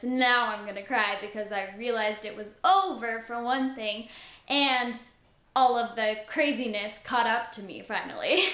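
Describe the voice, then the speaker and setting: A young woman chats through a casual book review vlog, gushing and excitable with lots of "like". Her voice sits high and bright. She takes her time, and the room around her rings with echo. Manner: gushing, excitable, says "like" often.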